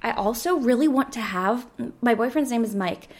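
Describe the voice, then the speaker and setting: A woman in her twenties hosting a casual solo podcast, slightly hoarse, rambling and chatty with lots of filler words. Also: on the high side, lively intonation, normal speed. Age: 20s. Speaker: podcast host.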